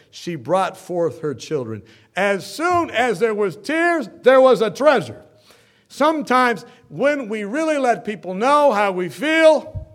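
A man preaching a sermon as pastor, swinging from loud emphatic bursts to soft storytelling. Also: fairly high pitch.

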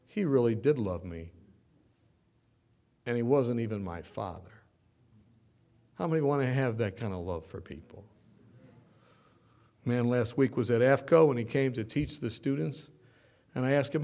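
A man preaching a sermon as pastor, swinging from loud emphatic bursts to soft storytelling. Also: medium pitch.

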